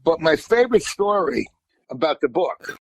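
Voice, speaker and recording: A man's voice: a little high, very animated, moderate pace, husky, low-quality recording. Rambling older man. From New York. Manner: rambling storyteller, repeats words, colorful and blunt. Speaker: guest musician. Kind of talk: casual interview chat.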